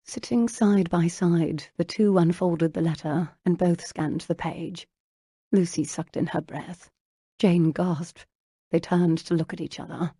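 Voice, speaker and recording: A woman reading an audiobook in measured, even storytelling narration. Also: fairly low pitch, breathy edge, no echo, clean studio sound. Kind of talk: scripted narration.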